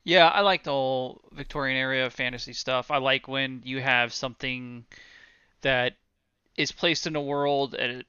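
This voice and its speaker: A laid-back man co-hosting a podcast, thinking aloud in a bright, smooth voice. The sound is dry and a little dull and lo-fi. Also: mid-range voice, fairly even intonation, normal speed, no echo. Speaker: podcast co-host. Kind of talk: casual chat.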